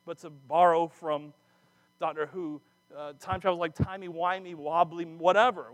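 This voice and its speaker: A man giving a sermon, animated and chatty, often breaking off mid-phrase to start again and slipping in jokey asides. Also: high-pitched, dry recording. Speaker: preacher. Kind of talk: sermon with personal stories.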